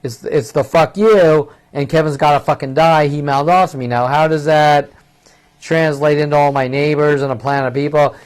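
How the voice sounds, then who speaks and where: Man in his fifties, slightly higher voice, agitated and profane, rambling and repetitive solo vlog. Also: fairly even intonation, moderate pace, clear, resonant tone. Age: 50s. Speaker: vlogger. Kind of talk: rambling monologue.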